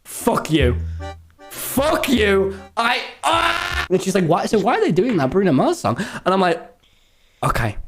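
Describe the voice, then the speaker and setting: A man's voice: high-pitched, sing-song, normal speed, fairly bright tone, soft background music. A young man from England telling a casual storytime vlog, rambling and swearing, laughing between many restarts. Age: young adult. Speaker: vlogger.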